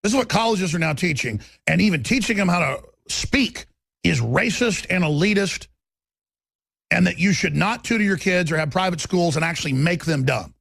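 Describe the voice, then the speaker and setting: Gravelly, raspy ranting talk radio man. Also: high voice, lively intonation, normal speed, a bit bright, no room sound, studio quality. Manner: combative, ranting, emphatic.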